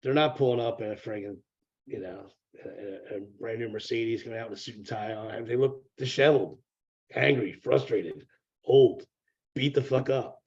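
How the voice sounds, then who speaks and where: A man's voice: mid-range voice, moderate pace, a little mellow, husky, muffled recording. A man, a real estate broker, is a guest in a casual interview over a remote call. He rambles, repeats words and swears freely.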